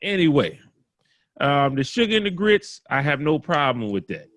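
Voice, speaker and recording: A man's voice: on the high side, big pitch swings, normal speed, a bit bright. A man in casual podcast chat, laid-back and joking, with plenty of slang. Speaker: podcast co-host.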